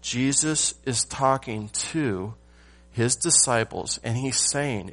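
A male pastor preaching a sermon, stressing key words with pauses and rhetorical questions. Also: medium pitch, lively intonation, fairly bright tone.

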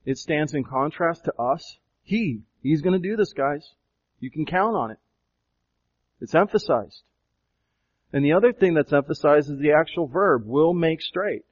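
A pastor preaching a sermon, questioning his listeners again and again, swelling with emphasis and slowing to draw out key phrases. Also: fairly high pitch. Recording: dull lo-fi recording.

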